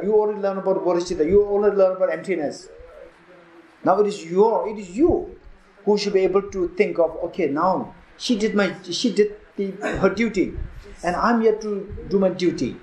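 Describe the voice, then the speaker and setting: A man's voice: high voice, darkish tone. A man giving a Buddhist teaching at a retreat, telling a story with quoted dialogue and repeating phrases for emphasis. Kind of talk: dharma talk at a retreat. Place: retreat hall. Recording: roomy hall echo.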